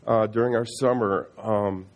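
A middle-aged man sharing a personal faith testimony in an earnest, halting way, often restarting and repeating words. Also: lowish voice, steady tone.

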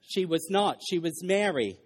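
A middle-aged male pastor giving a lively sermon in a church hall, joking and putting questions to the congregation. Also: sits high, measured pace, slightly rough. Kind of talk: interactive sermon.

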